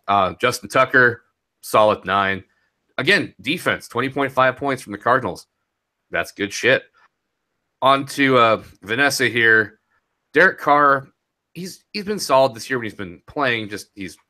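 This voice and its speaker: A man's voice: fairly low pitch, sharp tone. A young man talking casually and rambling a bit as he recaps a fantasy football week, laughing easily. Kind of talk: casual podcast chat.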